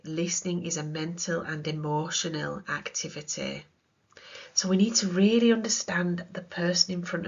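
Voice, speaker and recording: A woman's voice: fairly low pitch, slightly rough. A British woman, a counselling trainer, giving a chatty recorded lesson full of examples. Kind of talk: recorded teaching talk. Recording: dull lo-fi sound.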